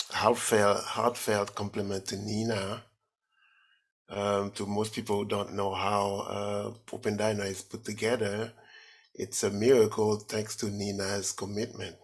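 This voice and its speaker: Low-voiced relaxed man on a call. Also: unhurried, breathy edge. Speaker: discussion group participant. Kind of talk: casual group chat.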